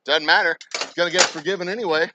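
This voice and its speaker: A man's voice: on the high side, fast, background noise. A man, a distillery owner, ranting and swearing in a casual vlog at his distillery. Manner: profane, ranting, animated.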